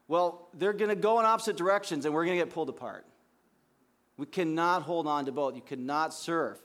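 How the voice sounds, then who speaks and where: A man's voice: a little high, fairly bright tone. A man preaching a sermon as pastor, speaking conversationally with frequent restarts.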